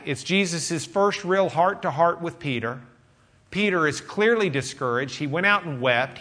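A man's voice: on the high side, sharp tone. A man preaching a teaching sermon in a loose, conversational way, with plenty of fillers and asides to the congregation. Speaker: pastor.

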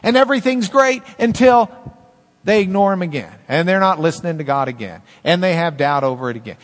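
A man preaching a sermon as pastor, animated, with swings between loud emphasis and hushed asides. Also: sits high, in a large hall.

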